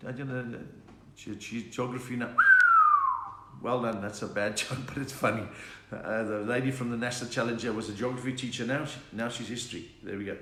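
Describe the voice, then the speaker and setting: A man's voice: mid-range voice, fairly even intonation, brisk. A South African man doing stand-up chat on a live stream, reading viewer messages and telling stories, often slipping into put-on voices. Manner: chatty storytelling, slips into put-on accents and voices. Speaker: comedian reading viewer comments. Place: room at home. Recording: echoey room, faint background noise.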